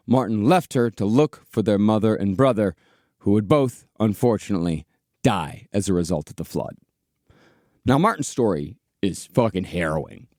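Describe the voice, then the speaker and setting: A man hosting a comedic history podcast, telling the story in a steady way with casual swearing. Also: fairly low pitch, no room sound, clean studio sound. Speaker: podcast host, narrator.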